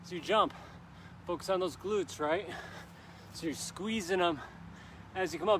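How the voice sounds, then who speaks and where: A man's voice: high voice, a little slow, long pauses, a bit bright, slight background noise. Upbeat, breathless male workout coach. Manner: upbeat, urging viewers on with countdowns. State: out of breath, sweating. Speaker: fitness instructor. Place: outdoors in a park on grass.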